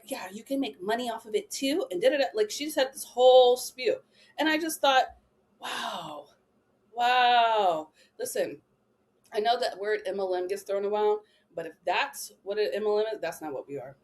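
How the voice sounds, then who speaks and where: Young woman coaching travel agents, talks fast and punchy, keeps saying right and okay. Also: mid-range voice. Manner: emphatic, chatty, keeps asking "right?" and "okay?". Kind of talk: training talk to camera.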